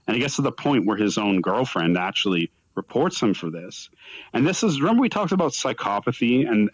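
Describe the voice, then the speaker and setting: Male lecturer, low voice, dry sound, lively storytelling that acts out quotes. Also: no echo, low-quality recording. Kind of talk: live lecture. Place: virtual reality event.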